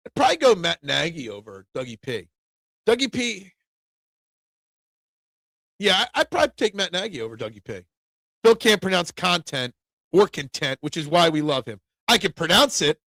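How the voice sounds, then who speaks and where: A man's voice: sits high, vocal fry, no echo. A man hosting a casual sports talk show, reading viewer comments and getting opinionated and worked up. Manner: opinionated, gets loud and worked up.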